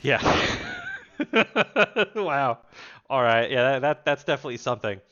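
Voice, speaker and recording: A man's voice: mid-range voice, steady tone, a little fast, a bit bright, smooth, muffled recording. A man streaming a game, chatting casually in a rambling, upbeat way. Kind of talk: casual gameplay commentary.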